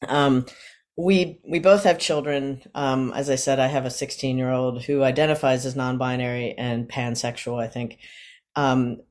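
Fifties-ish person talking slow and unsure, lots of ums, mid-pitched voice. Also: little pitch movement. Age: 50s. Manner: hesitant, many fillers and restarts. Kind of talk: personal sharing, casual chat.

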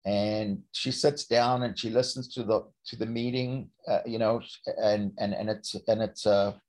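Halting older man from South Africa. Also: on the low side, fairly even intonation, darkish tone. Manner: halting, with many restarts and repeated words. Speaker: speaker sharing a recovery story. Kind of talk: personal storytelling talk.

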